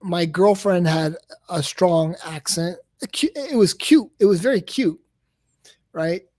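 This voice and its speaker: On a late-night live stream, a man chats casually and rambles, exasperated, stammering and repeating himself and saying "come on, man" again and again. His high, slightly mellow voice is unhurried, recorded dry with studio quality.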